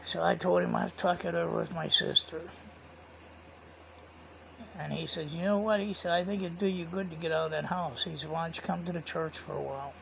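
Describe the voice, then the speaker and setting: A man with a strongly gravelly, rough voice that sits a little high for a man. He tells a story casually and rambles, retelling each conversation line by line with "I said" and "he said". The sound is dull and lo-fi. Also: steady tone, fairly quick, fairly bright tone, slight background noise. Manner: rambling, repeats quoted dialogue with "I said" and "he said". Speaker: vlogger.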